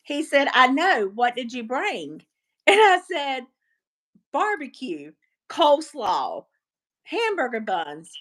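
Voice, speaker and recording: A woman, chatting as a guest on a livestream, animated and quick to laugh. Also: high-pitched. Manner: animated storyteller, laughs easily. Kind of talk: casual chat on a livestream.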